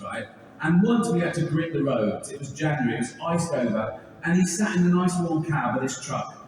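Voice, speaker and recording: An English man in his sixties performs stand-up, his slightly high voice bouncing around a vast echoing arena with a long tail of reverb. He sounds a little distant from the mic, with faint ambience behind him. He laughs through his own lines, swears freely and plays both sides of each exchange. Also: a little mellow, slight background noise. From England. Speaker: stand-up comedian. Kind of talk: stand-up comedy set. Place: large arena. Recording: echoey arena sound from far off.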